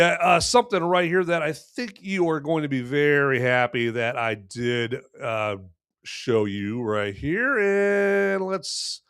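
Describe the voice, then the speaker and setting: Folksy male podcast host, loose and rambling, clear voice, dry booth sound. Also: medium pitch, a bit bright, no echo. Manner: rambling, folksy, many fillers and restarts. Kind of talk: casual live-stream beer review.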